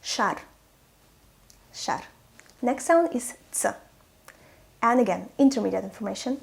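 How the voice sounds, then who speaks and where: A woman with a Russian accent teaching pronunciation to camera, playful and encouraging, sounding out words slowly. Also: a little high, lively intonation, gravelly, a little mellow. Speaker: language teacher. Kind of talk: language lesson to camera.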